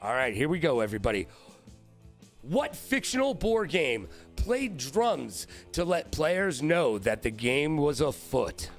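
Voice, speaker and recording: A man hosting a live-streamed trivia show, hyped and playful, shouting out viewers by name. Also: fairly high pitch, sing-song, measured pace, soft background music.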